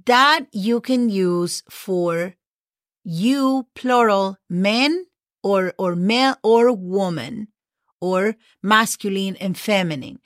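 A woman's voice: medium pitch, takes it slowly, no echo, studio quality. A woman with a Spanish accent, a native Spanish speaker, teaching a casual language lesson, spelling out words and encouraging her listeners. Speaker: Spanish teacher, podcast host.

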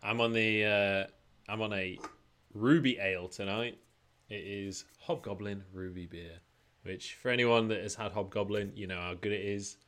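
Lower-pitched man hosting a casual chat. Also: fairly even intonation, normal speed, fairly bright tone. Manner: chatty, jokey, filler-heavy. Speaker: podcast host and esports caster. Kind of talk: casual chat over drinks.

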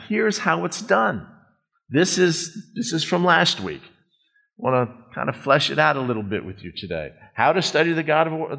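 A middle-aged male pastor gives a relaxed, conversational sermon in a church. He slows down and stretches key words for emphasis, with a voice of ordinary, mid-range pitch.

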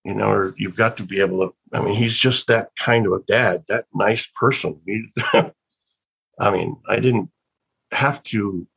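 Gravelly older man telling rambling stories. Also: on the low side, a little slow, a bit bright, poor audio. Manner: rambling, with many restarts and trailing thoughts; wondering, reflective. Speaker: actor and guest. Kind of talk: casual interview storytelling.

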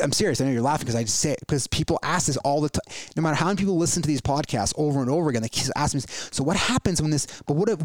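A man's voice: medium pitch, darkish tone, dry recording. A man hosting a podcast in casual motivational talk, earnest and repetitive, acting out worried inner voices in quoted asides. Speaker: podcast host.

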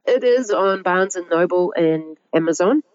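A woman's voice: fairly low pitch, moderate pace, no room sound. Laughing New Zealand woman, muffled call. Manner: animated storyteller who laughs often. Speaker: guest, agroecologist and author. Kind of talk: conversational interview.

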